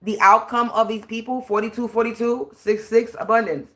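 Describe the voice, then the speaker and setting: A spiritual reader on a livestream delivers a blunt, profane, preachy rant, stretching out words for emphasis. Her voice sits on the high side and is fairly bright and steady, at a moderate pace, with slight background noise.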